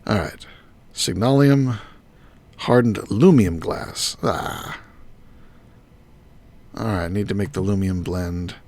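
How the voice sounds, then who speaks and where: A man's voice: low voice, takes it slowly, pauses often, a little mellow. A man streaming a game live, thinking aloud and muttering item names as he works. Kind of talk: live gameplay commentary.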